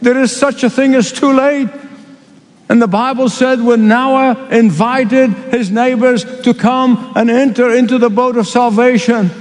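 A man preaches with fervour, his voice sitting high for a man. He drives his points home by repeating them. The sound rings with a long hall reverb, as in a church sanctuary. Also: steady tone, a little slow, darkish tone. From Middle East. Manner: impassioned, repeats key phrases for emphasis. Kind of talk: sermon.

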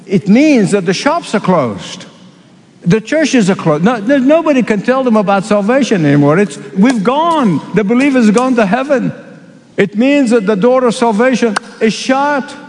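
A man preaches with fervour, his voice sitting high for a man. He drives his points home by repeating them. The sound rings with a long hall reverb, as in a church sanctuary. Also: a little mellow. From Middle East. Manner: impassioned, repeats key phrases for emphasis. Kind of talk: sermon.

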